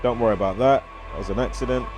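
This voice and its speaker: A man's voice: mid-range voice, rapid-fire, a little mellow, faint music behind. A man with a British accent, rambling through a casual vlog commentary and reeling off strings of numbers. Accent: British English. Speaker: vlogger.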